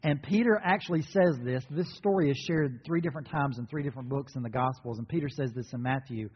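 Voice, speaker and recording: A man preaching a sermon, telling Bible stories in an animated way and acting out the voices of the people in them. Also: medium pitch, fast talker, slightly rough. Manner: animated storytelling, acts out biblical dialogue. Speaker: pastor. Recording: dull, muffled sound with long reverb.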